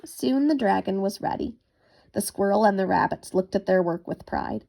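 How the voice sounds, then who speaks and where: A woman reading a children's bedtime story aloud in a gentle, expressive storytelling manner. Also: medium pitch, normal speed, creaky.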